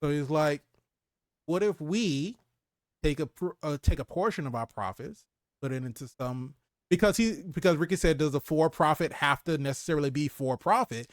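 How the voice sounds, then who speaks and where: A man co-hosting a casual movie review chat, retelling scenes with lively acted-out lines and frequent laughs. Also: fairly high pitch, moderate pace, no room sound, clean studio sound. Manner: animated retelling, acts out character lines, laughs often. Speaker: podcast co-host.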